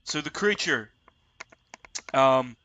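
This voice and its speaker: A man with a bright, clear-edged voice narrates a tabletop game as its game master. He talks in a relaxed way and thinks aloud as he sets the scene. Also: mid-range voice, slow pace, highs cut off.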